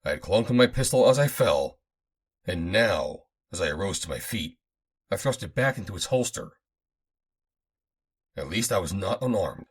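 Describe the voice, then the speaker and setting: A man reading a first-person adventure audiobook aloud, in a dramatic, expressive manner. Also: deep voice, moderate pace, pauses often, breathy edge. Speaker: audiobook narrator.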